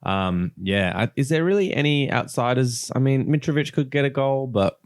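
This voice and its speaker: A man's voice: medium pitch, lively intonation, moderate pace, no room sound, studio quality. A man co-hosting a casual fantasy football chat podcast. He leads the segments, makes jokes and swears casually. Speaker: podcast co-host.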